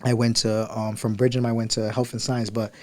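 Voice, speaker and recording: A young man from Liberia speaks quickly on a podcast, telling his life story in easy, casual chat. He slips into voices for the people he remembers. His pitch sits in the middle range. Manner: animated, acts out voices in his stories. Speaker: podcast guest.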